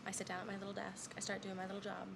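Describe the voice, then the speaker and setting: A woman's voice: mid-range voice, completely flat delivery, rapid-fire. A woman in her late twenties telling stories in a chatty, casual vlog. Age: late 20s. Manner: chatty storytelling, hushed asides. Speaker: vlogger. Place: in a store, at work, at home. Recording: phone vlog with clear background noise.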